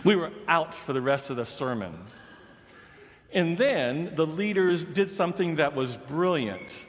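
A man from the Pacific Northwest preaching a sermon as a humorous, animated storyteller. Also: on the high side, measured pace. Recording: long reverb of a large hall.

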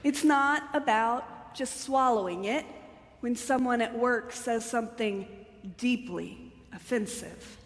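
Woman giving a sermon real slow, lots of rhetorical questions, big echoey church. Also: fairly high pitch. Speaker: preacher. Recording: long hall reverb.

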